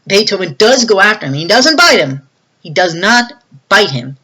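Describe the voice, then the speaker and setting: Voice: mid-range voice, sing-song, normal speed, sharp tone, poor audio. A movie reviewer casually retelling a film's plot, with many fillers and self-corrections.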